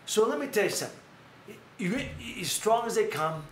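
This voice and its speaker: Fast-talking high-voiced man telling stories. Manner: animated storyteller who acts out quotes in others' voices. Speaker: host of a live stream. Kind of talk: casual storytelling chat. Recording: echoey room with faint noise.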